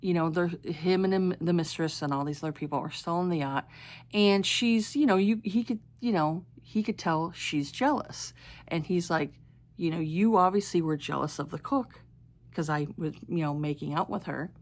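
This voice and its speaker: This is a woman vlogger retelling a romance plot in a relaxed, meandering way. Her voice sits low with a gravelly fry. She piles on fillers, restarts her sentences and sometimes gets stuck on a word. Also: moderate pace. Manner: rambling, lots of fillers and restarts; stumbles over certain words. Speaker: book vlogger. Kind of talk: casual book recap.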